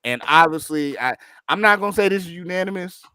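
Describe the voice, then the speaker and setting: A man's voice: high-pitched, expressive, a little fast, sharp tone, clear, resonant tone, no room sound. A man appearing as a guest on a podcast, chatting casually and joking as he counts down his list on a new microphone.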